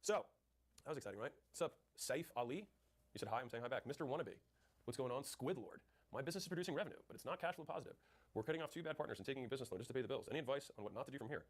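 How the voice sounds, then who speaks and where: A man's voice: medium pitch, lively intonation. A man rattles through sales advice at a breakneck clip in an ordinary mid-range voice. He is punchy and direct, acting out lines from sales calls as he coaches. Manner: rapid, punchy, acts out sales dialogue. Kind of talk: fast sales coaching talk.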